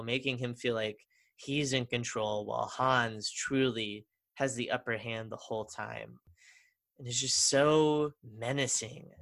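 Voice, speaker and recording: A man's voice: mid-range voice, sharp tone. A man co-hosting a podcast in casual chat, enthusiastic and rambling with restarts. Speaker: podcast co-host.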